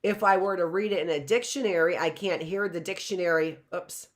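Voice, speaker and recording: Middle-aged woman teacher, patient, sounds out every letter, lowish voice. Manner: slow, explaining, sounds out words. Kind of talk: online phonics lesson.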